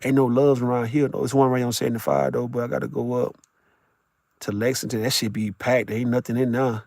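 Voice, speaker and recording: A man streaming live while driving for work talks loosely with his chat, rowdy, swearing and laughing frequently. His mid-range voice is gravelly and a little mellow with a steady tone, fairly quick, and there is no echo.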